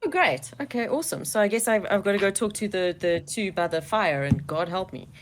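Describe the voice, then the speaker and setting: A woman takes part as a player in a tabletop game, her pitch swooping in a lively way. She asks question after question in a playful, animated tone. A faint hiss of noise lies underneath. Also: a little fast.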